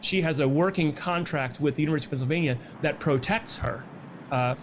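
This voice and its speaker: A man speaking as an interviewee in a news clip, phrasing things carefully with pauses. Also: on the high side, slight background noise.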